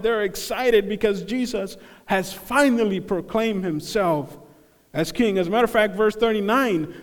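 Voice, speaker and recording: High-pitched preaching man in a big hall. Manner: animated preaching, acts out crowd voices, drops to hushed tones. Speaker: pastor. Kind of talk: sermon.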